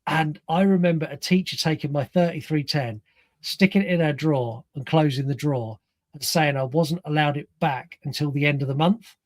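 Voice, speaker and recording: A British man in his thirties, co-hosting a podcast, telling stories in a quick, chatty way. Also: on the high side, no room sound. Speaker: podcast co-host. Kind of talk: casual film chat.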